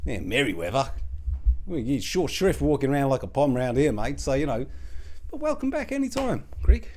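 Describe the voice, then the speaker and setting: A man's voice: medium pitch, sing-song, moderate pace, noisy background, lightly acted. A man playing a crude, gossipy middle-aged Australian bloke who rambles and swears in a comic monologue. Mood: rambling. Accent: Australian (put on). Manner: rambling, swearing, colloquial banter, mocking impressions. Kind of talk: comedic character monologue.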